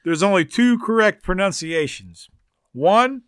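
A man's voice: high voice, expressive, measured pace, clean tone, no room sound, clean studio sound. A man co-hosting a casual sports podcast, teasing his friends and pressing his points with emphasis. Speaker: podcast co-host.

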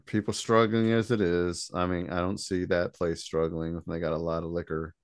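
A man hosting a podcast, asking questions and chiming in with relaxed, chuckling asides. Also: low voice, moderate pace, no echo, clean studio sound. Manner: laid-back, chuckling asides. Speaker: podcast host. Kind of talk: casual interview chat.

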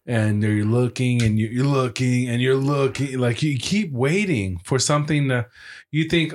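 A relaxed man chatting on a podcast at a middle pitch. He circles back over his own phrases as he works toward a point. He chimes in easily alongside his co-host. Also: normal speed. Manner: relaxed, backchannels, repeats himself while building a point. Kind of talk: casual chat.

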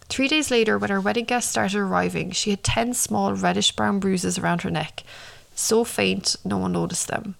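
With a steady, mid-pitched voice that has a gravelly, creaky edge, a woman narrates a true-crime story and sometimes stops to offer her own commentary. Her pace is measured, easing down at the dramatic moments.

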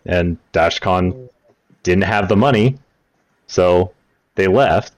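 Deep-voiced man telling a story. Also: slow, pauses often. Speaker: podcast host. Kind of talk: casual podcast chat.

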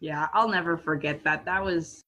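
A teenage girl telling a funny school story as a podcast guest, animated and laughing as she talks. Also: deep voice, moderate pace. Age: teens. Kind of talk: casual storytelling. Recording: muffled lo-fi audio.

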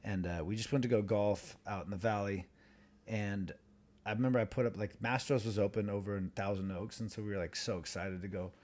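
A man's voice: on the low side, a little fast. A man co-hosting a podcast, telling a rambling, profane story among friends and laughing as he goes. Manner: animated, profane, laughs while telling stories. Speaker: podcast co-host.

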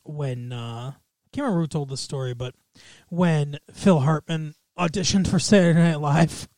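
A man's voice: fairly high pitch, moderate pace, a little mellow, dry recording. A man co-hosting a podcast in casual chat, laughing often and rambling playfully. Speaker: podcast co-host.

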